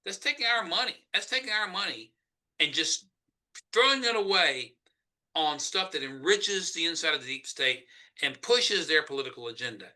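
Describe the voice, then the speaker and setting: A man's voice: on the high side, expressive, moderate pace. A man with a Southern US accent, speaking emphatically as a Senate candidate in a political interview. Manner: emphatic, forceful argument.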